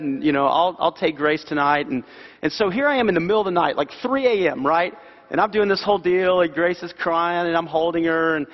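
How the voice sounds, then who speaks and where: A middle-aged man preaching a sermon in a church, animated and repeating key phrases for emphasis. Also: on the high side. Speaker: pastor. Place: church sanctuary. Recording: dull sound with long hall reverb.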